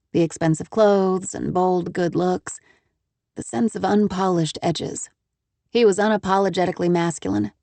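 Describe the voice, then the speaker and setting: A woman narrating a first-person romance audiobook with crisp, measured storytelling. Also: lowish voice, darkish tone, no echo.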